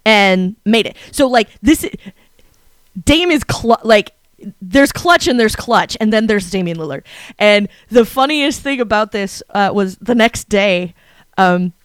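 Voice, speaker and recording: A woman co-hosting a podcast, telling a story in a casual chat and acting out her own excited reactions. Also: medium pitch, a little slow, clean tone, no echo. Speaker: podcast co-host.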